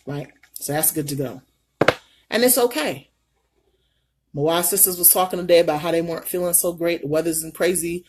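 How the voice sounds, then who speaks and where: A middle-aged woman vlogging her makeup routine while telling a story in an animated, folksy way. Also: on the low side, a little fast. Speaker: beauty vlogger. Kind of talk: casual makeup vlog storytelling.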